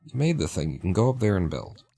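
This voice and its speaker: A man's voice: sits low, wildly swooping pitch, fast talker, vocal fry, mellow. A man livestreaming as he plays a game, chatting in a rambling, opinionated way and laughing at his own jokes. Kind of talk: casual gameplay chat.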